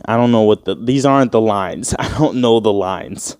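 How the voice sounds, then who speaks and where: He's a podcast host in his twenties, going solo and casual, wandering off topic, cracking jokes, swearing a lot and imitating the voices he quotes. His voice is on the low side, smooth and a little mellow, at a moderate pace. The recording is dry and studio quality.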